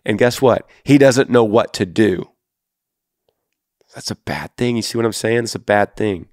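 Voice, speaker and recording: A man's voice: on the low side, normal speed, darkish tone, no echo, studio quality. A man in his thirties with a Texan accent, hosting a faith-based advice podcast and speaking earnestly and directly to a listener. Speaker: podcast host.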